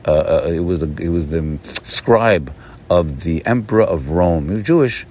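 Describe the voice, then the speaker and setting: A man's voice: sits low, lively intonation, normal speed, a little mellow, husky. A man giving an informal religious teaching, emphatic and repetitive, often restarting his sentences. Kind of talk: informal Torah talk.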